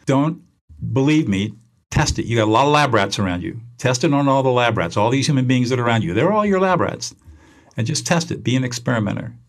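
A man as a podcast guest, passionately teaching a conversation technique and acting out example exchanges. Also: medium pitch. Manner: passionate, animated, acts out example dialogues. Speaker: guest expert.

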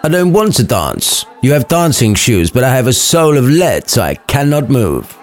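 A man's voice: medium pitch, big pitch swings, normal speed, soft background music, some chatter behind, voice pushed up. A man voicing a melodramatic, lovesick young nobleman in a comic storybook retelling, theatrical and mopey.

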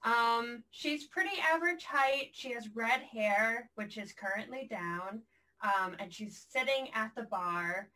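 Woman player with a bright voice. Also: on the high side, slow. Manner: calm, plain, with fillers. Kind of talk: tabletop game play. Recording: voice a little distant from the mic.

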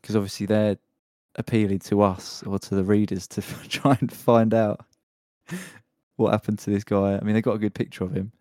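This podcast co-host has a fairly low, slightly mellow voice with a level tone and a moderate pace. He rambles through casual conversation and laughs often, captured in a clean, dry studio recording.

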